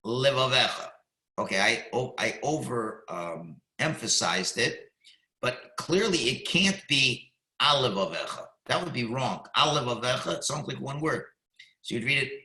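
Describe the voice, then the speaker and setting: Guy teaching talmud in a shul, bright voice, reads hebrew words slow and careful. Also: medium pitch. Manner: measured, pauses to read Hebrew phrases slowly. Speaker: rabbi teaching Talmud class. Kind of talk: explanatory Talmud lesson. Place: synagogue class room. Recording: echoey room.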